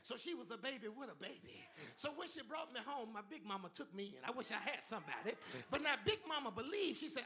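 A man from Arkansas preaching a sermon in church, shouting and chanting his lines in a whooping style. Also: extremely high pitch, very animated, fast, few pauses.

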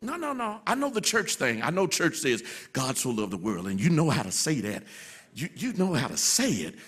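A man preaching a sermon as pastor, swinging from soft, low passages to loud, shouted refrains. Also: wildly swooping pitch, moderate pace, breathy edge.

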